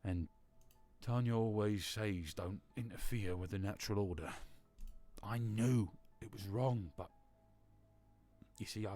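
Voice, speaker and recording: A man reading visual novel lines aloud as a guilty male cat spirit, in a plain, steady voice. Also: on the low side, measured pace, soft background music, natural voice. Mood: remorseful.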